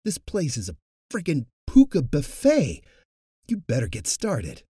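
Man doing a brash detective, commanding, husky, lively delivery. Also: on the high side, a little slow, dry recording, studio quality, pitched above the performer's own voice, exaggerated voice. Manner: blunt, commanding. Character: brash male police detective.

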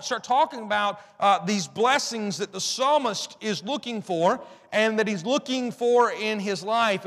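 A man's voice: high voice, a bit bright. A man preaching a sermon, earnest, often repeating and restarting phrases as he quotes scripture. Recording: long reverb in a hall.

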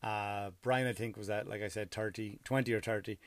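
A man's voice: lowish voice, fairly even intonation, fairly quick. A tired man, a comedian, telling a story in a casual, profane, ranting monologue.

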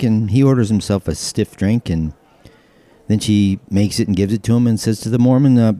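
A man hosting his own podcast, telling jokes casually and popping into character voices and shouted punchlines. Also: on the low side, fairly quick. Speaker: podcast host.

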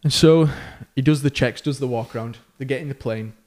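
A man co-hosting a podcast relates a story in a loose, talkative fashion. Whenever someone speaks in the tale, he performs their voice with animated pitch and volume swings, and he plugs pauses with um and uh.

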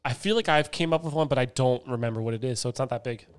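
A young man jokes around on a casual podcast. His pitch is mid-range. He fires off quick quips and laughs often. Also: clear, resonant tone. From Delaware County, Pennsylvania. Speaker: podcast co-host. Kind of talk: casual chat.

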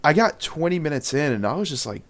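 A man's voice: on the high side, quick pace. A man chats loosely as co-host of a casual podcast. He rambles through his stories and breaks into laughter often. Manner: animated, rambling, laughs easily. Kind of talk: casual chat.

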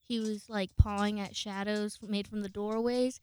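A woman vlogger sits close to her microphone at home, telling a rambling personal story in casual, profane chat full of fillers. Her medium-pitched voice is mellow and smooth, with a flat delivery at normal speed.

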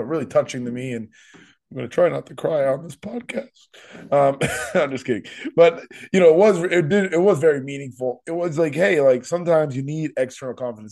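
A man's voice: medium pitch, a little mellow. Rambling man hosting a podcast. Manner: rambling, emphatic, repeats words. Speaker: podcast host. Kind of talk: casual podcast chat.

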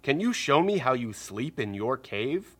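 Man doing a gentle friendly bear, inviting, slow, storybook voice. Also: mid-range voice, big pitch swings, breathy edge, exaggerated voice. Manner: cheerful, inviting children to join in.

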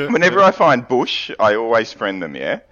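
Giggly man with a wildly lively pitch. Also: moderate pace, highs cut off. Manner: giggly, teasing storyteller. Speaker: podcast co-host. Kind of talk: casual gaming podcast banter.

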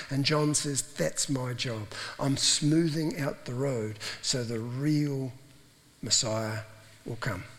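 A man's voice: on the high side, a bit bright. Man preaching a chatty sermon in a reverberant hall; acts out quoted lines. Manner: conversational, acts out quoted voices.

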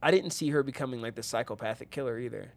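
A man's voice: medium pitch, fast, vocal fry. Rambling man hosting a podcast. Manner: rambling, many fillers and restarts. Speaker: podcast host. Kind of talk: casual chat.

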